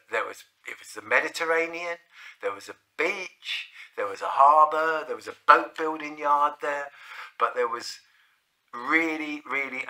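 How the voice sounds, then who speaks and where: A man's voice: medium pitch, pushed and bright. A man with a South London accent telling a rambling, sweary anecdote full of restarts and fillers. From South London, England. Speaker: storyteller. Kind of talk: casual anecdote.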